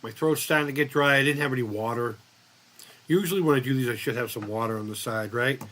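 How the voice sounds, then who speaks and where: A man's voice: medium pitch, fast, a bit bright. A man hosting a casual livestream chat, telling long stories in a rambling way and swearing freely. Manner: profane, rambling storyteller. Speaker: livestream host.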